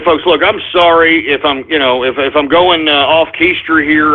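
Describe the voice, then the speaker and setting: A man's voice: on the high side, fairly even intonation, moderate pace, few pauses. A man hosting a call-in radio show, ranting angrily with curses, sighs and stumbling restarts. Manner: angry, cursing, frequent sighs and restarts. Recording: tinny phone-like lo-fi audio.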